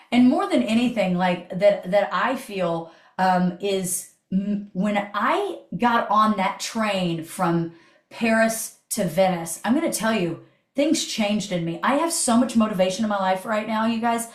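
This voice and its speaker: A woman's voice: medium pitch, a little slow. Woman host, upbeat motivational call, chatty and peppy, swears casually, echoey room on a video call.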